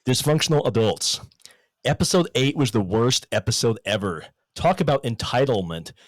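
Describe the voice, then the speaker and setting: Male podcast co-host, wisecracking, lively mid-range voice, close dry sound. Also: medium pitch, normal speed, no echo. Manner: playful, wisecracking. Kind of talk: casual chat, reading listener mail aloud.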